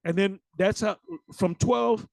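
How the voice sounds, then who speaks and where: A high-pitched man with a gravelly, fry-laced voice preaches bluntly and swears freely. He stumbles, restarts and repeats words as he goes, and the sound is dry and close with no room echo. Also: slow pace, darkish tone. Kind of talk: informal preaching to camera.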